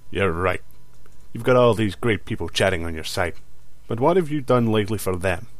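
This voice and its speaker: A man's voice: fairly low pitch, animated, moderate pace, dry recording, close to an everyday voice. A man with a Scottish accent voicing a snide inner-critic figure who mocks and needles. His delivery stays sarcastic throughout. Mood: mocking. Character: snide male inner-critic voice, a nagging bully. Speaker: guest voice actor.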